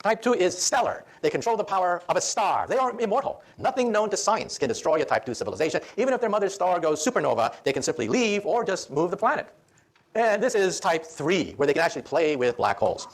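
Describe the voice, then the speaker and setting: A man, a physicist, giving a humorous public lecture as an animated, joking storyteller. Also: high voice.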